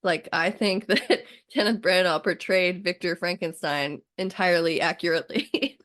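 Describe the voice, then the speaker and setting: Woman guest from Kentucky, lowish pitch, rambling and casual. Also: normal speed, a bit bright. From Kentucky, USA. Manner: rambling with many "like" fillers, laughs easily. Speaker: guest, author and bookstore owner. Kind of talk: casual chat.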